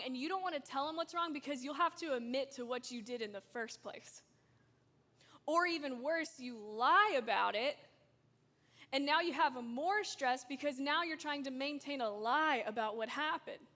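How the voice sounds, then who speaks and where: A woman's voice: high-pitched, sharp tone. A young woman giving an earnest, conversational talk to students, asking rhetorical questions. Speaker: youth speaker. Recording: hall reverb.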